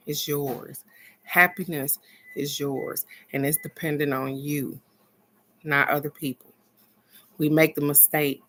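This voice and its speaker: Middle-aged woman vlogging pep talk, lowish voice, gets loud then goes soft. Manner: animated, swings between excited and soft, earnest. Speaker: spiritual card reader and vlog host. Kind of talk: casual motivational talk.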